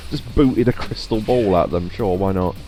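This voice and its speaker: A man's voice: fairly low pitch, sing-song, slow, over music. A man streaming a game, giving casual joking commentary with chuckling asides.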